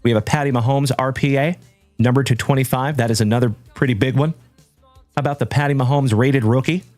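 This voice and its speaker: A man hosting a live trading-card stream, chatting warmly with viewers and giving shout-outs. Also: medium pitch, fairly even intonation, fast talker, soft background music. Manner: hearty, shout-outs full of "my brother" and "my man". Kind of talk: upbeat livestream chat with viewers.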